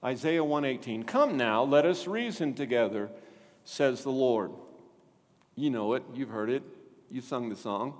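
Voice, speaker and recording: A male pastor preaching a sermon, animated and asking the congregation questions. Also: medium pitch, unhurried. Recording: long hall reverb.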